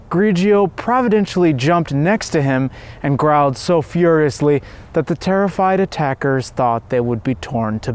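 A man giving measured, reverent scripted narration of a devotional story. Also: on the high side, smooth.

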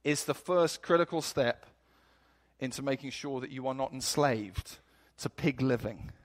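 A man's voice: medium pitch, a little slow. A male pastor preaching a sermon in a storytelling manner, building up to emphatic points.

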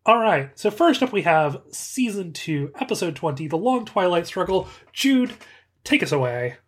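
A woman hosting a podcast, introducing the episodes in a brisk, playfully bossy way. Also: on the low side, very animated, slightly rough. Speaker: podcast host.

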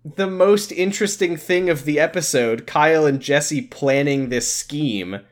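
Brief: male podcast co-host, relaxed recap chat, jokey asides. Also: a little high, unhurried. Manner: joking, recaps scenes with mock quotes.

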